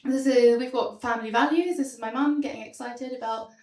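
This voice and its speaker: A woman's voice: fairly high pitch, fairly even intonation, a little fast, darkish tone. Wry young woman on a theatre stage. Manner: wry, self-deprecating, many ums. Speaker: stand-up comedian. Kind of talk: stand-up comedy show with slides. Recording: roomy sound from a distance.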